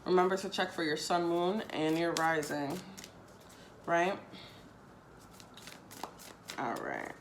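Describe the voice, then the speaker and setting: Woman tarot reader, casual and chatty, lower pitch, loose and repetitive delivery. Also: lively intonation, slow, pauses often, slight background noise. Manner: chatty, repeats phrases, casual swearing, addresses viewers directly. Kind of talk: casual tarot reading to viewers.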